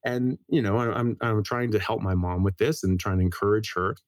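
Brief: American male doctor as guest, brisk and earnest, quick delivery, dry close sound. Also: fairly low pitch, little pitch movement, no echo. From United States. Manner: brisk, earnest, tells anecdotes. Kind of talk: casual interview explanation.

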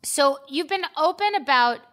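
A woman's voice: high voice, expressive, normal speed, fairly bright tone, soft background music. A woman hosting an interview, asking long, probing questions with restarts. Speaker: host. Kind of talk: interview conversation.

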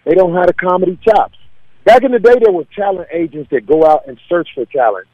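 A man's voice: high voice, a little fast, no room sound, highs cut off. A man, a comedian, talking casually in an interview, confident and laid-back as he tells stories. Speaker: comedian guest.

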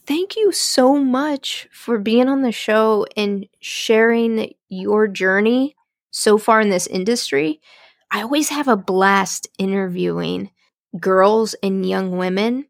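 A woman's voice: medium pitch, vocal fry, dry recording, clean studio sound. A woman hosting a podcast, interviewing a guest and reading the show's outro in an encouraging, upbeat way. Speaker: podcast host.

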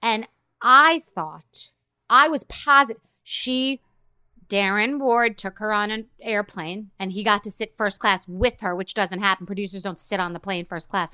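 A woman's voice: medium pitch, measured pace, bright, forceful tone, clear, resonant tone, no echo, studio quality. A middle-aged woman hosting a podcast, chatting casually and rambling through a story, acting out the things people said. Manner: rambling storyteller, acts out quotes. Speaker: podcast host. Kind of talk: casual chat.

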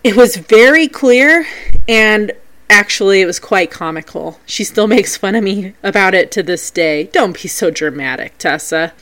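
Taking her time, a podcast host with a mid-range voice relates her experiences investigating the paranormal, keeping the scripted telling playful and animated.

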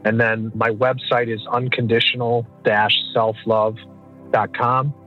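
A man's voice: medium pitch, little pitch movement, unhurried, soft background music. Earnest man on a tinny phone-like line. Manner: earnest, flowing motivational delivery. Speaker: author guest. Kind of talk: motivational interview talk.

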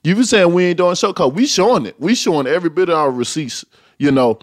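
A man's voice: high-pitched, animated, quick pace, no echo, studio quality. A man from Alabama, a boxing champion speaking emphatically in a podcast interview and repeating his key points. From Tuscaloosa, Alabama, US.

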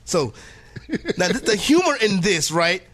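A man's voice: sits high, sing-song, unhurried, fairly bright tone, no room sound. A man hosting a radio show, chatting casually and joking as he stumbles through a list of names. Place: radio studio.

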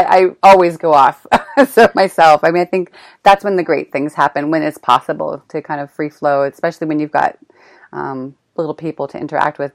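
A woman hosting a casual interview, responding warmly and sharing her own stories. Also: sits low. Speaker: interview host.

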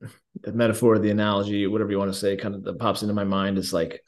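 A man from Colorado hosting a podcast interview, talking in a relaxed, halting way with many fillers. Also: lowish voice. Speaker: podcast host. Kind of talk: casual interview chat.

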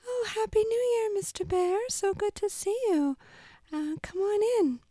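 A sweet, chatty little mouse lady, voiced by a woman in a comic audio skit. Her voice sits far above a normal speaking pitch, and she stumbles gently through ums and restarts as she talks. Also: animated, unhurried, no room sound. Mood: earnest. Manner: hesitant, full of ums and restarts.

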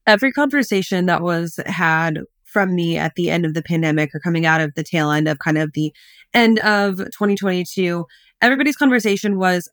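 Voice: mid-range voice, gravelly, fairly bright tone, no room sound, studio quality. A podcast host asking long, winding interview questions.

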